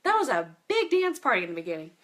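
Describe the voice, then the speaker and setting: A woman's voice: on the high side, huge pitch swings, quick pace, fairly bright tone. A woman in her thirties running a live online training from her home office as a business coach, chatty and upbeat, talking straight to her viewers. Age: 30s.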